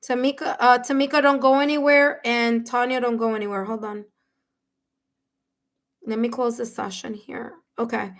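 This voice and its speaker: Woman, fairly high voice, effusive tarot reader, live-stream chat, lots of fillers and restarts. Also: steady tone, moderate pace. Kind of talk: live-stream reading, casual chat with viewers.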